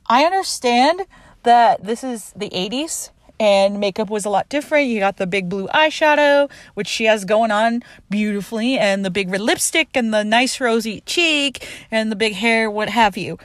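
A woman's voice: fairly high pitch, no room sound. A young adult woman recapping a movie casually on her podcast, chatty, saying "like" a lot and laughing often. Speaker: podcast host.

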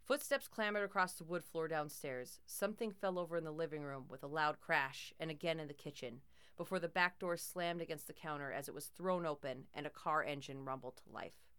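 A woman's voice: low voice, brisk, fairly bright tone, clear, resonant tone. A woman narrating a first-person horror story in a tense, dramatic way.

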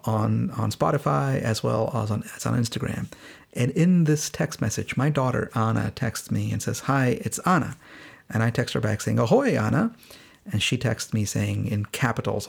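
A man's voice: medium pitch, gravelly, a little mellow, slightly rough. A middle-aged man hosting a podcast, telling a personal story in a candid, sardonic way and laughing now and then. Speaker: podcast host.

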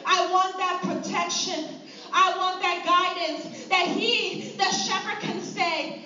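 A woman preaching a sermon in a church, impassioned, swinging from near-shouts to low, quiet lines. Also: steady tone, takes it slowly. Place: church sanctuary. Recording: echoey hall from far off, dull.

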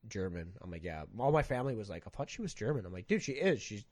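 A man's voice: on the low side, sing-song, fast talker, dry recording. Young man from canada, casual rambling story, dry close sound. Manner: rambling storytelling, lots of swearing and "like". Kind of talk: casual chat.

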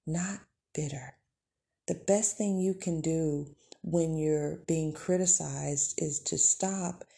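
Slow gravelly woman, warm and mellow. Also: sits low. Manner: encouraging, conversational, faith-filled. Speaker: podcast host. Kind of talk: motivational casual monologue.

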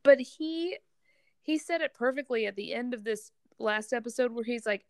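Higher-voiced giggly woman, dry sound. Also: moderate pace, smooth, no room sound. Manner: chatty, giggly. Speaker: podcast co-host. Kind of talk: casual chat about a TV show.

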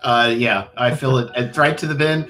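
A man's voice: mid-range voice, moderate pace, bright, forceful tone, faint music behind. A man playing a tabletop game, blunt and joking with the others. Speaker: player.

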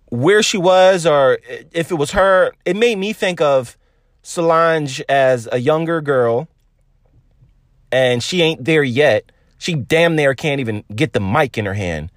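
A man in his thirties talking to his phone from a parked car, in a rambling, excited monologue full of restarts. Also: on the high side, no room sound, clean studio sound. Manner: animated, rambling, stammering restarts. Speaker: vlogger reacting to an album. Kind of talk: casual emotional monologue.

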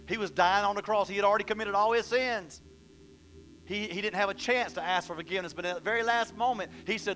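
A man's voice: sits high, fairly bright tone, a little hiss or hum. A man pastor preaching a sermon, asking questions and reading scripture aloud. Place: church hall.

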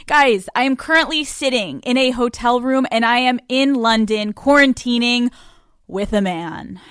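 A woman's voice: a little high, unhurried, fairly bright tone, clear, resonant tone, no echo, clean studio sound. A woman hosting a podcast alone from a hotel room, talking in a brash, profane, playful way into a microphone set on a bed. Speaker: podcast host. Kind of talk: casual solo podcast monologue.

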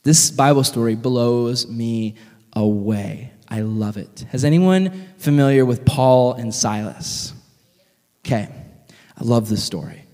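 A man preaching a sermon to a group, energetic and joking, who keeps quizzing his listeners with questions. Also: medium pitch, slow pace, in a large hall. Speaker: youth speaker.

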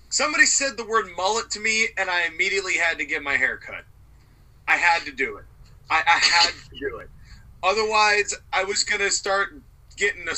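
A man's voice: high voice, sharp tone, low-quality recording. A man co-hosting a wrestling podcast, rambling through self-mocking jokes. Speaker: podcast co-host.

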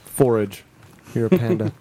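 A woman's voice: extremely low pitch, normal speed, background noise. A woman hosting a casual podcast, chatty and joking, laughing often. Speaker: podcast host.

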